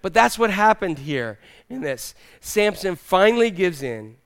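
A man delivering a sermon in a relaxed, humorous way, often teasing the congregation. His voice sits fairly high for a man. The tone is smooth and clear. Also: a little slow. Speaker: pastor.

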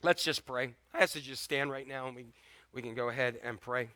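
A man preaching a sermon as pastor, swinging between loud urgent exhortation and hushed, intimate lines. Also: medium pitch, fairly even intonation, fairly quick, a little hiss or hum. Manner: repetitive emphatic exhortation.

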